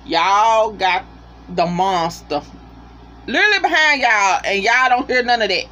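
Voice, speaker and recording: Casual episode reviewer, mid-pitched, animated and profane, addressing viewers directly. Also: unhurried, muffled recording, slight background noise.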